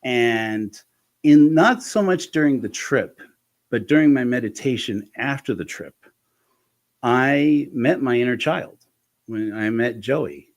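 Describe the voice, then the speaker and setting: A man as an interview guest, telling personal stories in a frank, animated way with frequent restarts. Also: mid-range voice, takes it slowly. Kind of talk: candid conversational storytelling.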